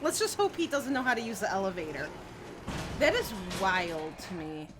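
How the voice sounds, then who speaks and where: While gaming on a live stream, a young woman reads her viewers' messages out loud, chatting casually and giggling a lot. Her medium-pitched voice swings hugely in pitch at a normal pace, with background noise in the recording.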